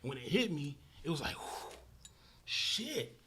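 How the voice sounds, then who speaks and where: A man, a podcast guest, telling a vivid, profane story in casual talk, acting out sounds and swinging between loud bursts and hushed murmurs. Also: a little high, sing-song, measured pace, crowd noise.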